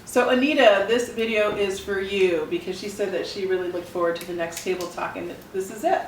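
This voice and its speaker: A woman's voice: mid-range voice, brisk, echoey room, recorded from a distance, slight background noise, low-quality recording. A woman hosting a casual lunch chat, exclaiming and giggling, who is recovering from a cough. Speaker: channel host. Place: home dining table.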